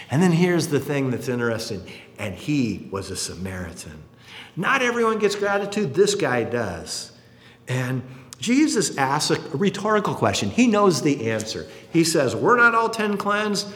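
A man preaching a sermon in an animated way, acting out the people in his stories. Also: medium pitch. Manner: animated, acts out quotes. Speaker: pastor. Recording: roomy hall reverb.

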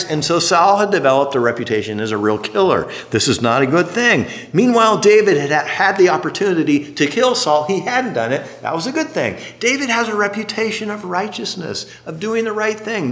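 A middle-aged man preaching a sermon, telling a story in an animated way and acting out what people said. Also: on the high side. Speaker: pastor.

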